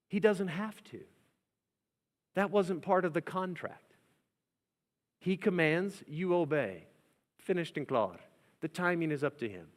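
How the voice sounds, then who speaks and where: A man preaching a lively, humorous sermon as the pastor of a church. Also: a little high, measured pace, pauses often, big-room sound. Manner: animated, humorous, acts out scenes.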